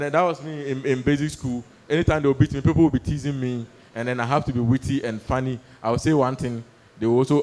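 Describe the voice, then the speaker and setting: A young man doing stand-up storytelling on stage, animated, acting out voices and laughing through his lines. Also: mid-range voice. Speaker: stand-up comedian. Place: comedy stage before a live audience.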